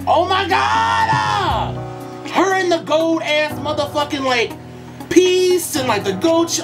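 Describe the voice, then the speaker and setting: A man with a high, wildly swooping voice gushes over a music video in a camp, sassy way, shouting and swearing as he reacts. He sits some way back from the mic, and the video's music plays clearly behind him. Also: far from the mic. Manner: loud, gushing exclamations and frequent profanity. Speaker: YouTube reactor. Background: music video playing.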